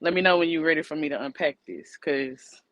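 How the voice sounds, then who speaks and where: A woman's voice: sits low, a little fast, fairly bright tone, highs cut off. A woman co-hosting a casual podcast, giving blunt, emphatic opinions laid out as numbered points. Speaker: podcast co-host.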